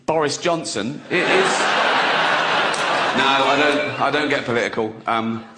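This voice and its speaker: A man's voice: medium pitch, unhurried. A middle-aged man doing a stand-up routine, crude and mocking, acting out silly voices. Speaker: stand-up comedian. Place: stage before a live audience. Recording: loud background noise from a live crowd. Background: loud audience laughter.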